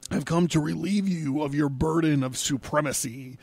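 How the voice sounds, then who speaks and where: A man's voice: fairly high pitch, moderate pace, creaky, darkish tone, dry recording. A man reading as a sly scheming demon lord.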